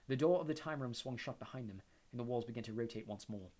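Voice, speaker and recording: A man narrating an audiobook in a steady storytelling manner. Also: mid-range voice, quick pace. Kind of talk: audiobook reading.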